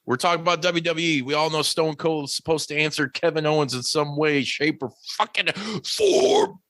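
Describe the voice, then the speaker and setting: A man's voice: a little high, fairly even intonation, fast, bright, forceful tone. A man hosting a podcast in casual chat, loose and rambling, swearing freely. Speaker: podcast host.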